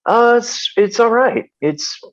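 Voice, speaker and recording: A man's voice: very high-pitched, expressive, slow, highs cut off. An American man, a soccer commentator, asking a hesitant question with many ums over a video call. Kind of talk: question in an online Q&A.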